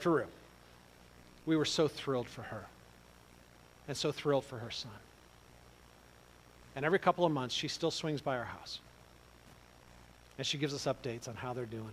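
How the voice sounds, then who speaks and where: A middle-aged pastor, preaching in a conversational storytelling way, dropping to quiet asides and rising to loud exclaims. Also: male voice, mid-range voice, a little hiss or hum, low-quality recording. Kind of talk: storytelling sermon.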